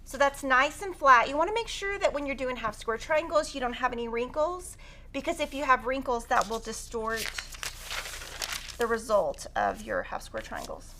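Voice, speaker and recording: A woman's voice: high voice, very animated, normal speed, pushed and bright, a little hiss or hum. A woman teaching a quilting tutorial on a live stream, chatty and upbeat as she talks through cutting fabric. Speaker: quilting instructor.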